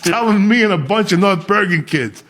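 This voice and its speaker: A middle-aged man from Cuba, telling profane stories in an animated, casual chat as host. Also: high voice, moderate pace. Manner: animated, profane storytelling with Spanish asides. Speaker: podcast host.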